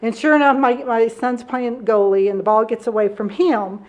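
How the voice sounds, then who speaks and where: A woman in her thirties tells her own story to a recovery meeting in an open, unguarded way. Her voice sits a little high, and she laughs easily at herself as she talks. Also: fairly even intonation, moderate pace, a little mellow, muffled recording. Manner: candid, self-deprecating, laughs often. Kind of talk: personal testimony storytelling.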